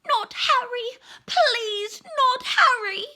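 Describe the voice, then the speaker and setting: A woman's voice: animated, extremely slow, pushed and bright, exaggerated voice. A woman voicing a desperate young mother pleading through sobs for her child's life. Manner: high, sobbing pleas.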